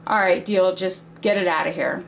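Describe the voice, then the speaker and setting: A curt, put-upon man at a yard sale, giving ground on his price only grudgingly, as a woman acts him out. The tone is slightly high with faint background ambience. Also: animated, moderate pace, a little hiss or hum, close to an everyday voice. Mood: annoyed. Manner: curt, reluctant bargaining. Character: annoyed male yard sale seller.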